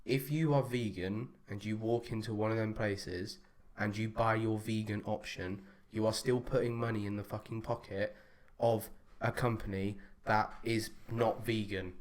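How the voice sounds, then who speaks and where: A man's voice: on the low side, fairly even intonation, normal speed, hardly any pauses. A young man co-hosting a podcast, chatting casually, swearing and laughing often. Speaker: podcast co-host. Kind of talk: casual chat.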